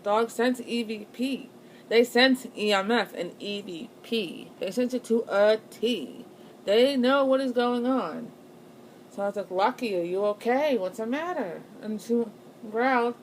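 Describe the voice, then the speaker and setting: A woman's voice: mid-range voice, a little hiss or hum, rough recording. Young woman telling ghost stories, rambling. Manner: rambling, breathless ghost-story telling with many fillers. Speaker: channel host. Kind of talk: casual storytelling.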